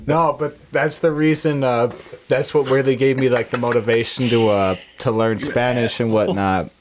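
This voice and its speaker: A man's voice: medium pitch, steady tone, normal speed, a little hiss or hum. A young man from northern Illinois, a podcast co-host chatting casually, rambling and repeating himself with lots of fillers. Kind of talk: casual chat.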